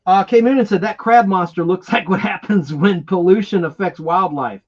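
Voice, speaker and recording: A man's voice: sits high, normal speed, muffled recording. A man hosting a live stream, chatting casually and enthusiastically, rambling from one aside to the next. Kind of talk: casual chat about classic TV monsters.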